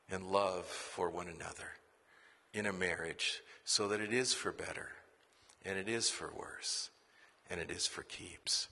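A man's voice: low-pitched, unhurried. A man from the Dakotas telling a family story as a sermon, then praying earnestly. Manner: animated storytelling, then a hushed earnest prayer. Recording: hall reverb.

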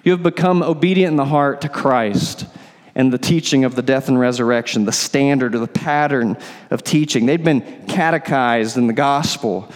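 A man's voice: mid-range voice, normal speed. Man preaching in a reverberant hall. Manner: explanatory preaching with rhetorical questions. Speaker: pastor. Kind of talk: sermon.

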